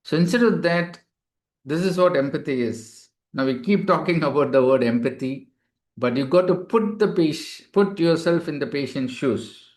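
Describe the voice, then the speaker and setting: A male doctor giving a webinar lecture to healthcare staff, explaining patiently and filling pauses with "you know". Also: a little high, a little mellow.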